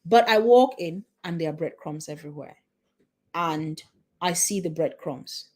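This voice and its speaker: A woman's voice: sits low, measured pace, darkish tone. A woman in her forties giving a motivational talk to parents as a parenting coach, emphatic, repeating her points and asking the listener questions. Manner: checks in with "okay?".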